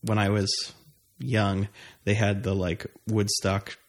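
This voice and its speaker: Young man, low voice, casual rambling chat, self-conscious asides. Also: slow pace. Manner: relaxed, rambling, hesitant. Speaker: conversation partner.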